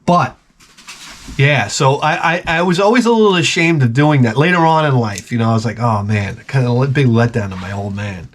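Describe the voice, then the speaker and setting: A man vlogging as he opens fan packages, talking in a rambling, excitable way and swearing freely. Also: mid-range voice, moderate pace. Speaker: vlogger opening fan mail. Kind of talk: casual unboxing chat. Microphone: camera mic.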